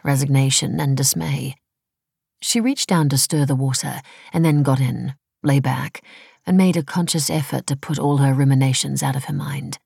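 Low gravelly woman narrating a story. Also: a little mellow, dry recording, clean studio sound. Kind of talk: audiobook narration.

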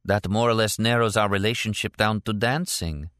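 A man voicing a strange young Italian woman with an Italian accent, speaking slowly and dreamily. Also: fairly low pitch, a bit bright, clean tone, no echo, studio quality, voice pushed up, lightly acted. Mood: dreamy. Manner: slow, dreamy, deliberate.

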